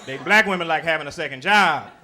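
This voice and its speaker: A man's voice: on the high side, quick pace, a crowd in the background. A man doing a stand-up set on a club stage, telling stories and slipping into family voices. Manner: animated storytelling, shifting into voices for family. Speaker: stand-up comedian. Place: comedy club stage with audience. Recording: live club recording with loud audience.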